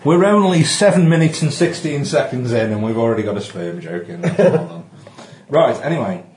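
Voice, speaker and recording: A man's voice: medium pitch, very animated, moderate pace, a little mellow. A man narrating a tabletop game as game master for friends, jokey and rambling, laughing often. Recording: echoey room with background noise.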